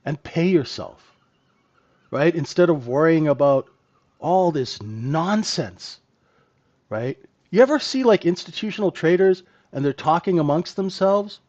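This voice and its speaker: This trading mentor speaks at a measured pace, his voice on the high side with a darkish tone. Teaching live in a trading room, he's blunt and emphatic, often adding "right?", and the stream audio is dull and lo-fi.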